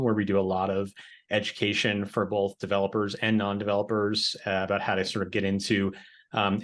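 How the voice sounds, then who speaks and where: Lower-voiced man in his forties. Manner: loose, filler-heavy. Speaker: company founder and educator. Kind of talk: webinar panel introduction.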